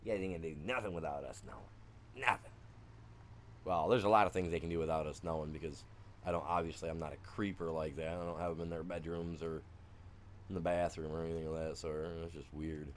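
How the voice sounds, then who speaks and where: A man's voice: extremely low pitch, little pitch movement, fast, a little hiss or hum. A man from Michigan with a Michigan accent, chatting casually while streaming a game, rambling and slangy. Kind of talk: casual gameplay chat.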